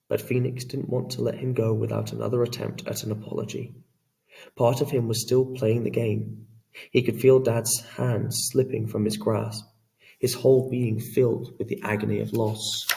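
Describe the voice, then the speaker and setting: A man reading an audiobook in a measured, dramatic storytelling manner. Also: mid-range voice, little pitch movement, creaky, mellow, recorded from a distance. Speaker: audiobook narrator. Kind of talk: scripted narration.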